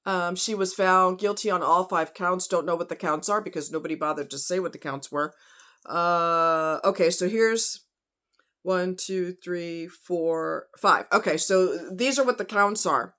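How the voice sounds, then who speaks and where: A woman's voice: on the low side, a little slow, pushed and bright. A woman hosting a casual true crime vlog, talking bluntly and heatedly to her viewers. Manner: blunt, outspoken, fired-up; talks to viewers as y'all and honey.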